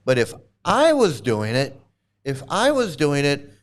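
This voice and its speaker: A man's voice: a little high, wildly swooping pitch, a little slow. A man hosting a casual livestream chat, rambling and stammering, laughing often and mocking. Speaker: channel host.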